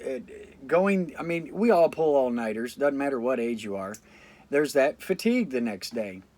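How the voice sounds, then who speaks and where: A man in a casual video talking to camera, blunt, reflective and full of swearing, tired after staying up without sleep. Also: medium pitch. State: fatigued after a sleep deprivation study. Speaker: vlogger.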